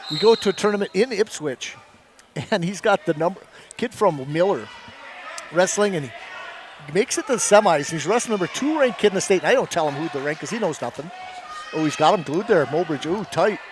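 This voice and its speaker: There's a little hiss or hum as a middle-aged ex-coach, his voice sitting high with lively intonation, narrates a wrestling meet a bit fast. His commentary is folksy and anecdotal, full of rambling tales and frequent chuckles.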